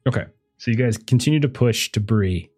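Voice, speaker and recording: Husky low guy gm, mellow tone, lots of uhs and likes. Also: fairly quick. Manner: rambling, filler-heavy narration. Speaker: game master. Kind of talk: narrating a tabletop game.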